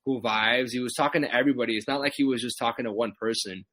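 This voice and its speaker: A man's voice: medium pitch, quick pace, no room sound. A young adult man telling stories in a casual chat, acting out what people said. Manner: animated storyteller, acts out quotes. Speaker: podcast guest.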